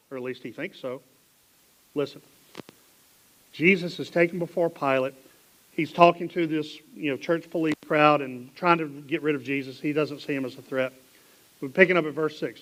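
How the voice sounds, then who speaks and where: A man with a Southern American accent preaching a sermon in a church, reading scripture dramatically and dropping into quiet asides. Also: on the high side, low-quality recording. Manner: animated, dramatic Bible reading with sudden drops to hushed asides. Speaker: pastor. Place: church sanctuary.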